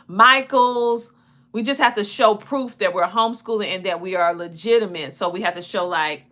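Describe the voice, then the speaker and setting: Southern lady w/ a country twang, bright clear voice, chatty n folksy. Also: mid-range voice, normal speed. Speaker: homeschooling parent guest. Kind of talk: casual talk show chat.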